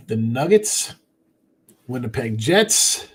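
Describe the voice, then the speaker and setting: A man's voice: medium pitch, animated, moderate pace, long pauses, a little mellow. A man hosting a sports betting podcast, chatting casually and reading viewer comments, tired after a short night. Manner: rambling, offhand, talks to chat by name. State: tired, yawning.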